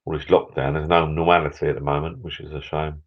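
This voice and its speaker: Older man, very deep voice, chatty live-stream host, slightly dull lo-fi sound. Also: level tone, fast. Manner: rambling, chatty, sentimental. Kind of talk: casual chat. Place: backyard garden bar shed.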